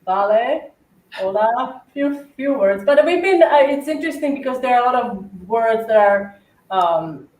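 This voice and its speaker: A woman's voice: fairly high pitch, lively intonation, normal speed, darkish tone. Woman, Slovak accent, chatty, laughs often, echoey room, far from the mic. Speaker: cookie decorator co-host. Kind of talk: casual livestream chat. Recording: roomy echo, distant mic, faint hiss.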